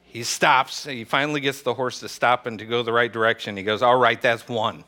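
A man preaching to a small church gathering, chatty and joking and quick to laugh. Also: medium pitch, pushed and bright. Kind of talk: casual joke-telling and church teaching.

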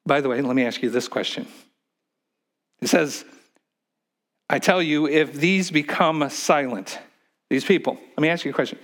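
A man preaching a sermon, swinging between loud, emphatic stretches and hushed, whispered ones. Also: on the high side, moderate pace, long pauses. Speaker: pastor.

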